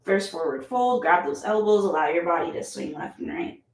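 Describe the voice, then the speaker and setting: A woman's voice: fairly low pitch, animated, normal speed, darkish tone, slight background noise. A woman yoga instructor guiding a class, upbeat and playful, chatty with whoops and laughter. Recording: echoey room, mic at a distance.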